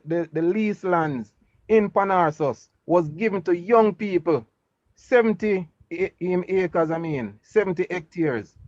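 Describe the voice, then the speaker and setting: Combative Jamaican man, high muffled voice. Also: dry recording. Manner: combative, repeats himself, Jamaican Patois phrasing. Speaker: political caller. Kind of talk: heated political debate.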